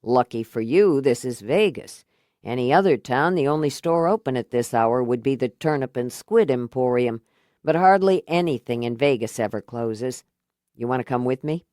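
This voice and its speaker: Woman reading blunt wry helper guy, low and calm, audiobook. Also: normal speed, no room sound, clean studio sound. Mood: dry. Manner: low, calm and reassuring, dryly joking. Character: steady, wry middle-aged man, a blunt helper. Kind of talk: audiobook character voice.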